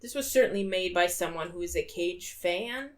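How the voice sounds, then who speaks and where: A woman's voice: lowish voice, moderate pace. A young woman co-hosting a podcast in casual chat, laughing often and talking animatedly. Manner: laughs a lot, animated and giggly. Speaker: podcast co-host.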